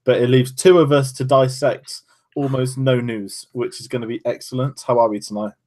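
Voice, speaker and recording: Male podcast co-host, medium pitch, rambling casual delivery. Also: fairly even intonation, moderate pace, darkish tone. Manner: loose and chatty, often trails off mid-sentence.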